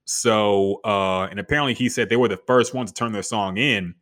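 A man's voice: fairly low pitch, moderate pace, a bit bright. A man co-hosting a casual podcast chat, laid-back and joking, often saying "man". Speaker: podcast co-host.

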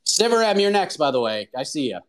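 A man hosting a casual morning chat show, upbeat and energetic, talking to listeners. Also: fairly high pitch, a little fast. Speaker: host.

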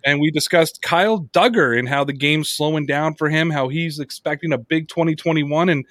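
A man's voice: a little high, brisk, dry recording. A man hosting a podcast, telling a story in casual chat, swearing freely and acting out what others said. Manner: animated storyteller, swears freely, acts out quotes. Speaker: podcast host.

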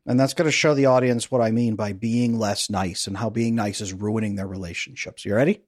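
Playful energetic man coaching on a podcast. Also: lowish voice, fairly quick, no room sound, clean studio sound. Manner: energetic, playful, guides listener through an exercise. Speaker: podcast guest, attachment coach. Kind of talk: conversational interview.

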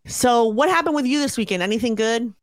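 A woman's voice: a little high, expressive, brisk, no echo. Blunt, dramatic woman co-host. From United States. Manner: blunt, profane, dramatic reactions. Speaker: podcast co-host. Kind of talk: casual chat.

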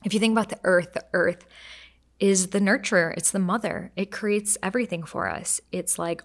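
Woman expert, lively interview talk, shifts pace to illustrate points. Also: lowish voice, creaky. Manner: animated explainer who acts out quoted voices and slows down to demonstrate. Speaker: Ayurveda expert and interview guest. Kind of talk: conversational podcast interview.

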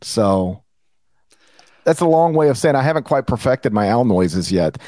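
A man's voice: medium pitch, a little slow, no echo. Middle-aged guy on a sports podcast, goofy rambling banter, voice jumps all over, dry close sound. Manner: playful, rambling, animated storytelling. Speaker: podcast co-host.

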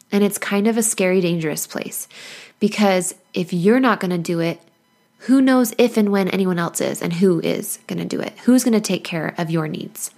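A woman's voice: mid-range voice, darkish tone. A woman hosting a motivational podcast as a life coach, talking in an earnest, encouraging way with playful asides and frequent laughs.

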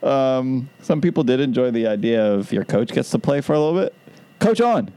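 A man's voice: mid-range voice, fairly quick, dark tone, clear, resonant tone. A man co-hosting a casual podcast, rambling through his ideas and laughing at them. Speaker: podcast co-host.

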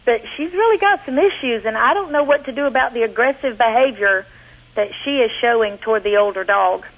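A woman caller with a Southern US accent, chatty and quick to laugh. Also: a little high, expressive, breathy edge. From Georgia, US. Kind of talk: phone-in call. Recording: muffled phone line.

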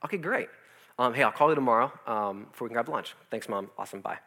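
A man's voice: mid-range voice, fast. A young man working as a youth pastor, telling a personal testimony in his office and acting out the voices of the people in his story. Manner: animated storytelling, acts out quoted voices.

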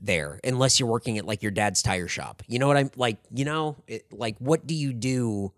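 Clean studio sound with no echo carries a man's mid-range voice at normal speed. He's a podcast co-host in his thirties, rambling through casual stories, saying "like" constantly and laughing through his animated retellings.

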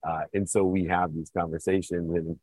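A man's voice: low-pitched, little pitch movement, moderate pace, darkish tone, dry recording. A male interviewer asking long, earnest, rambling questions. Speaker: interviewer host. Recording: dry, tinny phone-like line.

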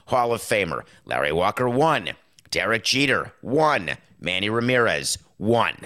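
A middle-aged man hosting a sports talk show, giving an opinionated monologue with sarcastic, punchy stresses. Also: medium pitch. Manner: emphatic, sarcastic, punchy with sudden loud stresses.

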